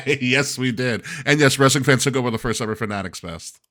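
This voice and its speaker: A man's voice: medium pitch, moderate pace, pushed and bright. A man hosting a podcast in casual chat, laughing often and joking loosely. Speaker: podcast host.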